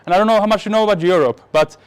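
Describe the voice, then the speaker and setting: This speaker at a marketing event, a man from the Middle East, shares a personal story with a live crowd in a lively, self-mocking, joking way, with many restarts. He talks very fast in a high, smooth voice.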